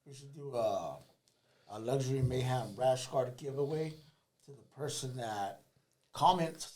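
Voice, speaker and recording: A man's voice: medium pitch, unhurried, a little mellow. A man co-hosting a podcast, chiming in playfully. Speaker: podcast co-host. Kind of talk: casual chat.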